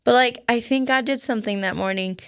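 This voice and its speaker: A woman's voice: fairly high pitch, fairly quick, fairly bright tone, clear, resonant tone. A woman co-hosting a casual chat, telling an emotional story with many "like"s and restarts. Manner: emotional, filler-heavy with many "like"s. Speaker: podcast co-host.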